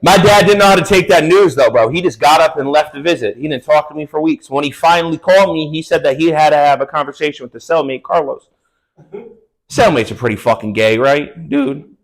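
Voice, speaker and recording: A man's voice: on the high side, brisk, low-quality recording. A young man performing a stand-up comedy set on a club stage, telling crude, loose stories with slangy asides.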